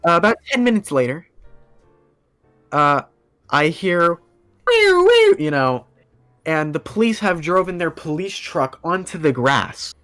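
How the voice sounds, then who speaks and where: A smooth-voiced man telling a rambling story. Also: a little high, expressive, unhurried, pauses often, fairly bright tone, no room sound, faint music behind. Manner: rambling, filler-heavy, acts out quoted dialogue. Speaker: podcast guest. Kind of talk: casual storytelling.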